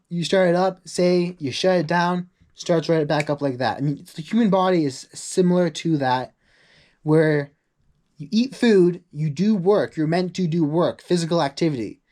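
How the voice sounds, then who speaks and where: Chatty young man vlogging, slightly high voice. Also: a little mellow. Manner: chatty, rambling, full of "like" asides; acts out quoted people in a higher voice. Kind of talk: casual vlog monologue.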